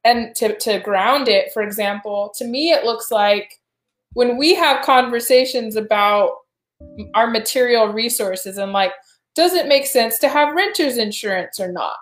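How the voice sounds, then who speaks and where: A woman with a mid-pitched voice co-hosting a podcast. She talks through ideas in a thoughtful, rambling way. The sound has a roomy echo. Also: unhurried, faint music behind. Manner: thoughtful, rambling, with fillers and restarts. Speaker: podcast co-host. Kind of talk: casual podcast chat.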